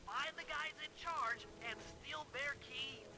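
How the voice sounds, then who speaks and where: A brainy little game sidekick briefs the team on the next job in a businesslike way. The voice sits extremely high and thin. It plays back faintly as in-game dialogue under a livestream. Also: male voice, measured pace. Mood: briefing.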